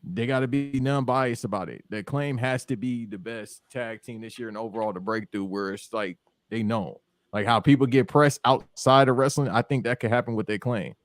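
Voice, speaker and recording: A man's voice: mid-range voice, fairly quick, dry recording, studio quality. A man co-hosting a wrestling podcast, talking loosely and joking, often trailing off mid-thought. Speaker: podcast co-host. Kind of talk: casual wrestling chat.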